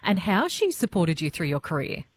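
A woman hosting a morning radio interview, asking gentle, sympathetic questions. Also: on the low side, very animated, moderate pace, slightly rough, no echo. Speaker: radio host.

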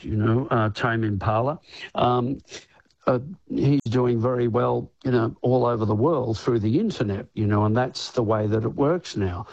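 A man's voice: mid-range voice, a little mellow, no room sound, lo-fi sound. An Australian man in his sixties, a musician guest in a radio interview, rambling, laughing often and leaning on "you know". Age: 60s.

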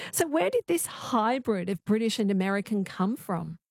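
A woman's voice: mid-range voice, sing-song, normal speed, gravelly, no room sound. A woman hosting a late-night radio talk show on a studio mic, chatty and enthusiastic. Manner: chatty and warmly enthusiastic, chuckles. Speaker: radio host.

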